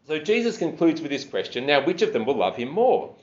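A man's voice: on the high side, very animated, a little fast, highs cut off. A man preaching a sermon, explaining scripture verse by verse and stressing key words.

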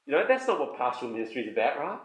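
A man preaching an expository sermon, emphatic, lifting his voice on lists and slowing down when he reads scripture aloud. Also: medium pitch, sing-song. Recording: roomy hall sound.

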